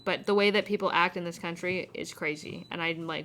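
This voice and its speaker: Out on a windy day, this woman livestreams casually, holding her phone mic close as she responds to chat. Her voice is fairly low, fairly bright, and fairly quick with a fairly even intonation, and her talk rambles, swears freely, and keeps restarting.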